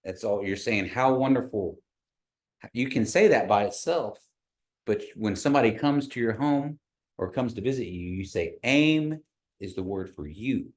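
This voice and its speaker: A man teaching a language class, patient and encouraging, slowing down to model each sound. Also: fairly low pitch, lively intonation.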